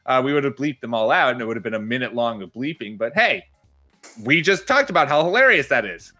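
Male host, Minnesotan accent, lively bright tone, loose jokey delivery. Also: medium pitch, quick pace, soft background music. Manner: animated, jokey, rambling with restarts. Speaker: podcast host. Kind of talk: casual sports podcast chat.

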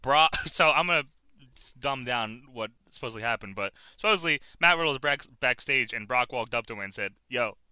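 A man's voice: mid-range voice, expressive, a little fast, pushed and bright, smooth, no echo. A man co-hosting a podcast, telling a story in casual chat, laughing often and swearing. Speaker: podcast co-host.

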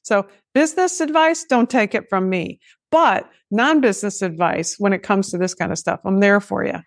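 A woman's voice: medium pitch, moderate pace, dry recording. A woman hosting a podcast, chatting casually with self-deprecating asides. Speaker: podcast host. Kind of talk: casual interview chat.

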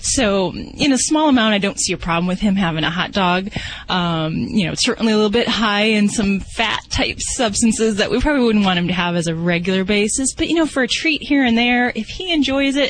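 A radio show expert giving advice to a caller in a measured, reassuring way with frequent fillers. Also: medium pitch, a bit bright.

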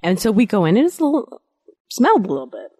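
A woman in her thirties co-hosting a casual chat, playful and quick as she tells stories. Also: medium pitch, slightly rough, no room sound. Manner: quick, playful, lively storyteller. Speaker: podcast co-host.

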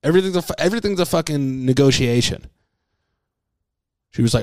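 A man hosting a comedy podcast, rambling playfully with plenty of swearing and now and then dropping to a hushed voice. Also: mid-range voice, animated, fairly quick, pauses often, no echo, clean studio sound. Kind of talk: improvised comic singing and rambling chat.

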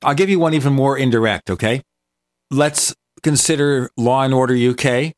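A man's voice: mid-range voice, normal speed. A man hosting a tech talk show in casual, enthusiastic chat that wanders from point to point. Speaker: show host.

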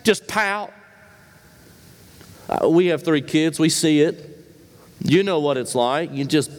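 A man preaching a sermon as pastor, asking rhetorical questions and swinging between emphatic high lines and quiet low ones. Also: slow pace, long pauses, big-room sound.

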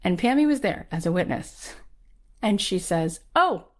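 Woman in her 30s, low voice, telling a story, lots of "like", jumps into voices for the people she quotes. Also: moderate pace. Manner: animated, acts out quoted voices, frequent "like". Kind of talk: personal storytelling.

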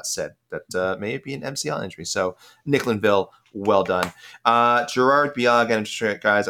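A young man co-hosts a casual sports podcast in a somewhat low voice. He rattles through listener picks and talks over himself, restarting sentences and leaning on fillers. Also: a bit bright. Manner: quick, rambling, self-interrupting with many fillers.

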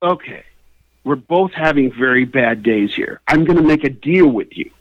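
Man putting on a gruff deputy sheriff, barking commands, high strained pitch, dull lo-fi sound. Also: animated, normal speed, dry recording, close to an everyday voice. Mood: stern.

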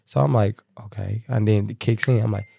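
A young man from Kansas City, a guest telling profane, animated stories and acting out the people in them. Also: fairly low pitch, fairly quick, gravelly, no echo. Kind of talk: casual storytelling.

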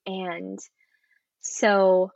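A young woman, an actress, chatting in an interview and telling an earnest, animated story. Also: medium pitch, extremely slow, no room sound, lo-fi sound. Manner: earnest, animated storytelling with acted quotes and laughs. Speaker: actress guest. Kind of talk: casual interview chat.

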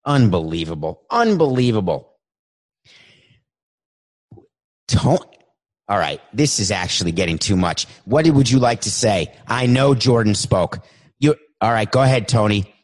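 A man's voice: on the low side, sing-song, moderate pace, pitched below the performer's own voice. A man doing an exasperated, weary league commissioner trying to keep order on a chaotic call. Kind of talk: comedic impression sketch.

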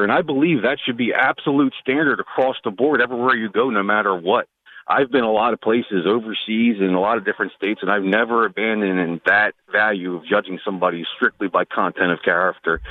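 Male radio caller, earnest, talks fast, lowish voice, heard over a thin phone line. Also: dry recording. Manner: earnest, agreeing. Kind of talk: call-in radio conversation.

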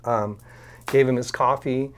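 A podcast guest on a video call tells a story in a medium-pitched, slightly slow voice. He's an animated storyteller, acting out the voices of the people involved.

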